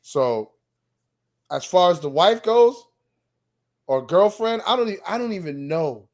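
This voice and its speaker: Easygoing New York man, slightly high voice. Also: unhurried. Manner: relaxed, agreeable, chimes in with short replies. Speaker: podcast co-host. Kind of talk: casual chat.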